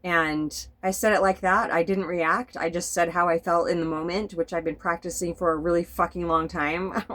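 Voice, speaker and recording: Woman vlogger, rambling spiritual chat, candid, swears a little, voice on the low side. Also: steady tone, normal speed, fairly bright tone, rough recording. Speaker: spiritual vlogger drawing cards. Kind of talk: casual spoken vlog monologue. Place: sitting indoors at home.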